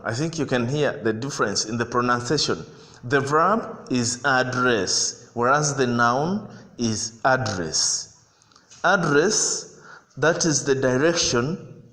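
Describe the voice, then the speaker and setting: A man teaching a primary school English lesson, speaking deliberately and repeating words so pupils can hear how they sound. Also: medium pitch, in a large hall. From Uganda.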